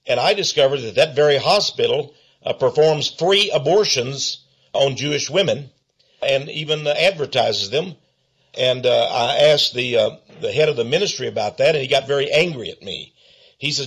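A man's voice: mid-range voice, a bit bright, husky. A man speaking as a guest on a talk radio show, telling anecdotes with frequent uhs. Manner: storytelling, many hesitant uhs. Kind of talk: political talk radio discussion.

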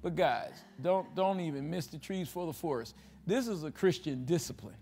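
A male pastor preaching a sermon to his congregation, with call-and-response questions, rising to loud exhortation and dropping to hushed asides. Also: a little high, moderate pace, slight background noise. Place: church sanctuary with a congregation. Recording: livestream with long hall reverb.

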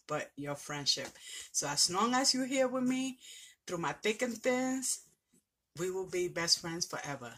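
Woman, teary vlogger, bright voice, slow and gushing. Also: medium pitch. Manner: gushing, emotional and heartfelt. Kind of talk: casual vlog, opening mail on camera.

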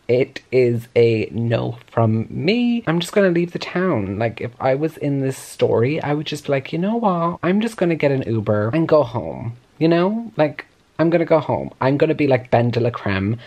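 Gushing, chatty man vlogging about books. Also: mid-range voice. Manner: gushing and animated, heavy use of "like". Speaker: book vlogger. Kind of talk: casual reading vlog chat. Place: room at home, lights off at times.

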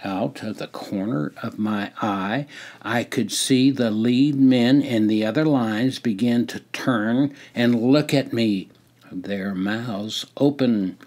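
A man in his seventies telling his own army memoir in a measured, wry way. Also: medium pitch, a little mellow. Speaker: storyteller. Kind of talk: memoir narration.

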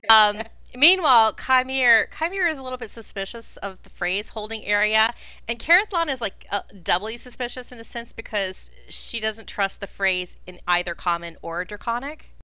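A woman narrates a tabletop role-playing session as its game master and chats along with plenty of fillers. Her voice is high and bright, and the recording is dry and close. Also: expressive, normal speed, clear, resonant tone, no room sound. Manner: chatty, many fillers.

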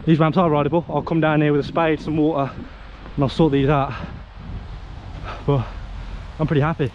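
Man, British accent, young adult, excitable outdoor vlog, higher-pitched voice, noisy street background. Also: normal speed, long pauses, highs cut off. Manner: excitable, chatty, exclaiming often. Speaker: vlogger. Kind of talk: casual vlog chat. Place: outdoors at dirt jumps. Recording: outdoor noise, nearby traffic.

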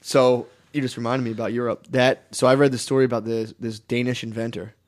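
A young man co-hosting a podcast, telling stories in a loose, profane, joking way with quick voices for the people in them. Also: medium pitch, little pitch movement. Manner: loose, profane, jokey storytelling with quick impressions. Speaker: podcast co-host. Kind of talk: casual comedic podcast chat.

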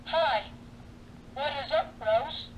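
A woman's voice: high-pitched, slow, slight background noise. A woman's voice played back through a toy creature's voice-changer, repeating her words from a tinny toy speaker. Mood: mimicking. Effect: toy voice-changer playback.

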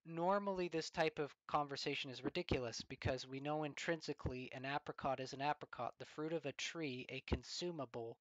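A man giving a storytelling commentary, deliberate and fond of rhetorical questions. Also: a little high, no room sound, poor audio.

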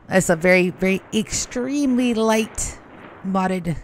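A woman's voice: medium pitch, unhurried, slight background noise. A woman giving live gameplay commentary on a stream, chatty and playful, rambling with fillers as she goes. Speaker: game streamer.

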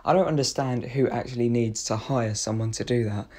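Casual male YouTuber voice-over, mid pitch, explaining. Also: fairly quick, darkish tone. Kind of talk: voice-over commentary.

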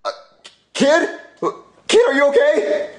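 A man's voice: very high-pitched, sing-song, a little slow. A man playing a panicky, bumbling dad who stammers frantically in a comedy puppet skit. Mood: nervous.

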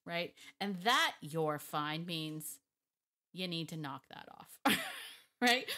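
A woman dog trainer talks straight to her viewers in a casual, emphatic way. She thinks out loud, repeats her key points and laughs often. Her voice sits a little low for a woman. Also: expressive, slow pace, pauses often. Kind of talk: casual talk to camera, teaching.

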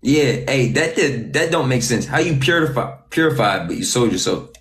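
A man's voice: medium pitch, expressive, normal speed, fairly bright tone, faint music behind. A man hosting a casual livestream, slangy and teasing as he chats with his guest. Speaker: livestream host. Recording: echoey room with faint noise.

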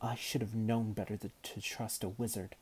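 A man's voice: on the low side, level tone, normal speed, darkish tone, husky. A man reading aloud and voicing an insolent teenage girl enchanter who talks back in a defiant, demanding way.

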